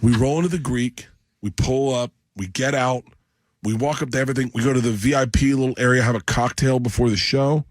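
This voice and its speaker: A man's voice: mid-range voice, a little fast. A middle-aged man, a comedian guest in a radio studio, telling a rambling story and acting out the voices of the people in it. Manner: rambling, acts out quoted voices.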